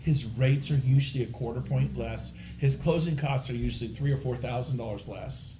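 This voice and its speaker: A man's voice: medium pitch, moderate pace, noisy background. A man giving a live real estate training talk to a room of agents, telling stories with a lot of energy. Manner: energetic, animated storytelling.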